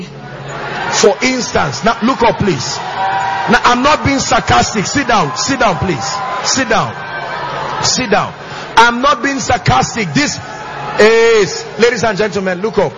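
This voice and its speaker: High, gravelly preacher man. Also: lively intonation, a little slow, a crowd in the background, background noise. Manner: emphatic, sing-song preaching with shouted bursts and call-and-response questions. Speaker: pastor. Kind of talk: sermon. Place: church auditorium with congregation. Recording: slightly muffled church recording, faint music.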